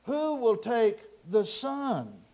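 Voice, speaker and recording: A man's voice: extremely high pitch, big pitch swings, extremely slow, darkish tone, pitched above the performer's own voice, full character voice. A man voicing an auctioneer who keeps calling out for bids in a raised, insistent voice.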